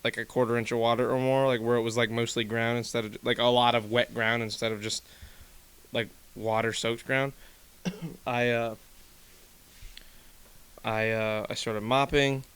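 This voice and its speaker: A young man hosting a casual podcast from his home room, telling stories in an animated way and swearing freely. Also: mid-range voice, moderate pace, long pauses, clean tone. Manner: animated storytelling, swearing, laughing. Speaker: podcast host. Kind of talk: casual chat.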